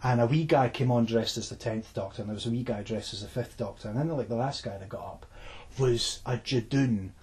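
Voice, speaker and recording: Un uomo con scozzese, co-conduttore di un podcast, racconta con foga in una chiacchierata informale, pieno di parolacce e frasi ripetute, registrato al telefono. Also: male voice, mid-range voice, brisk, slightly rough. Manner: animated storytelling, sweary, many restarts. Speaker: podcast co-host. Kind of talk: casual chat. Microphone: phone line.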